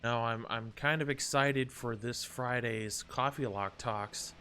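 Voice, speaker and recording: A man's voice: mid-range voice, unhurried, sharp tone, smooth, soft background music. A man streaming and chatting casually to his viewers, rambling and cutting himself off as he talks. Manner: rambling, chatty, self-interrupting. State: a bit out of breath.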